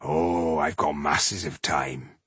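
A man voicing a cheerful male dwarf warrior who teases his friend, husky-voiced and easygoing. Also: rumbling low, steady tone, slow pace, a bit bright, dry recording, pitched below the performer's own voice, full character voice. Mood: teasing. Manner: jovial, mocking, easygoing.

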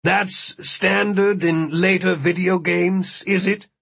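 A man's voice: high-pitched, fairly even intonation, slow, gravelly, a bit bright, husky, dry recording, voice pushed up, full character voice. A man voicing a wry, analytical adult man who reasons things out matter-of-factly.

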